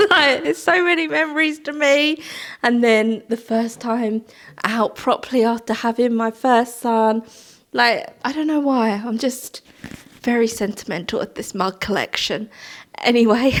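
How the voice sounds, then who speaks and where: A young woman chatting casually to camera at home, sentimental and laughing often. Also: fairly high pitch. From Britain. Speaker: vlogger. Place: home, indoors.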